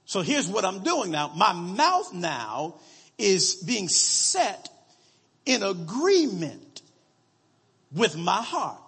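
High, husky-voiced preacher in a hall. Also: male voice, very animated, fairly bright tone. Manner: reads scripture slowly, calls out to the congregation. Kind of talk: sermon.

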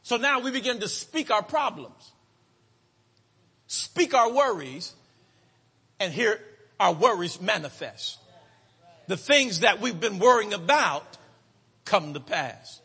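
High, lively preacher with hall reverb. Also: male voice, breathy edge. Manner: rhythmic preaching cadence, drawn-out emphatic words, calls to the congregation. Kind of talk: sermon.

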